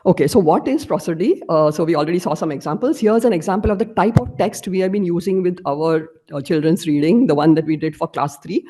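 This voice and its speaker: Woman, lecturer, mellow tone, explanatory, slide-by-slide academic talk. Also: fairly low pitch, fast, few pauses. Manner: explanatory, walks through slides step by step. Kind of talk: academic presentation.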